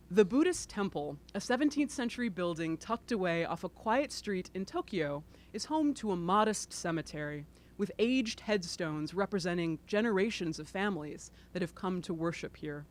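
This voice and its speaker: Expressive woman reading from her book. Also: fairly low pitch, normal speed, few pauses. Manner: expressive, self-deprecating asides. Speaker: author. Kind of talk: reading aloud from her book, then commentary. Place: bookstore event.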